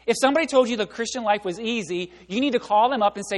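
A male pastor delivering a sermon, animated and conversational, acting out quotes and voices as he goes. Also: high-pitched, quick pace, few pauses. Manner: animated, acts out voices and quotes, laughs along. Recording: long reverb of a large hall.

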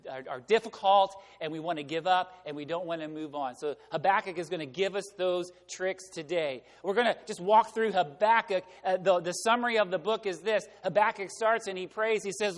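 A man serving as pastor delivers a sermon inside a church sanctuary, chatting with the congregation and posing rhetorical questions. His voice sits high and he speaks at a normal speed, and the recording carries long hall reverb.

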